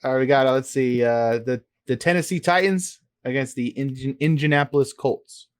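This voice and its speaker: A man's voice: medium pitch, normal speed, clean tone, no echo. Laid-back man running through game picks. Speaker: podcast host. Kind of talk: casual sports chat.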